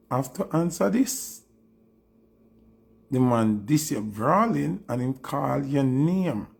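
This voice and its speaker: A Jamaican man delivers a provocative commentary monologue in a slow, unhurried cadence. His voice is gravelly and husky, and he slips easily between patois and English while goading his target. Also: mid-range voice. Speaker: dancehall commentator.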